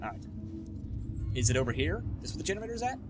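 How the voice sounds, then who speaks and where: Young male let's player, swears, lively pitch, game music behind. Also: fast. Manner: sarcastic, excitable, swears. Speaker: gaming YouTuber. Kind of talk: let's play commentary. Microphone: webcam setup. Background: game music and sounds.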